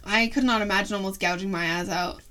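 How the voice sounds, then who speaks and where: A young woman co-hosting a podcast, telling stories in a casual, animated way, with lots of fillers and swearing. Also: mid-range voice, fast. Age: young adult. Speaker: podcast co-host. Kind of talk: casual chat.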